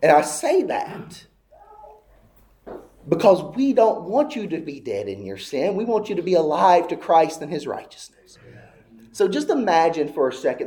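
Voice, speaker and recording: A man's voice: a little high, dark tone. A man preaching a sermon with an emphatic, repetitive cadence, apparently in a church sanctuary.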